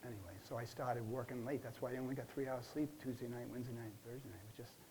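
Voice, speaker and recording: A stressed client stumbles through his story, full of restarts and trailing fillers, as a man plays him in a counseling role-play. His voice is warm and dark, and a faint hiss sits under it. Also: mid-range voice, fairly even intonation, natural voice, low-quality recording. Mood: rattled. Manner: halting, many restarts and fillers. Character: stressed middle-aged man recounting a relapse.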